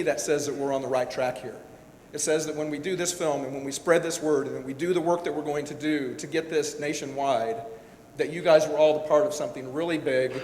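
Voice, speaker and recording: A man who works as a director-producer gives a personal, emotional speech to an audience, rambling and restarting as he goes. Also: darkish tone. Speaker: event speaker, director-producer. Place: large hall. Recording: echoey hall with faint rumble.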